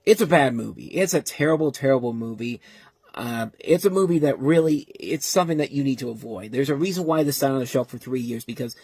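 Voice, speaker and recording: A man's voice: mid-range voice, brisk, a little mellow, husky, no room sound. A man giving a casual, exasperated movie review, rambling with frequent restarts. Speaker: film reviewer.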